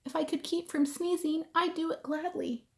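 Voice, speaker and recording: A woman voicing a big, fretful male elephant who squeals in high, sing-song rhymes. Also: steady tone, normal speed. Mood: apologetic.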